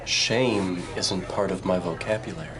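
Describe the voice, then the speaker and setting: An actor playing a flamboyant, joking best friend in a 1990s game, quippy and theatrical. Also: male voice, low-pitched, normal speed, a crowd in the background, natural voice. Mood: sassy. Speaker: game character.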